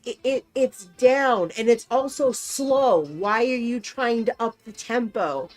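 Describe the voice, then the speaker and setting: A young woman talks slowly and casually, rambling and swearing as she acts out what others said. Her voice sits a little high. Faint music plays underneath. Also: lively intonation. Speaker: co-host. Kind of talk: casual chat.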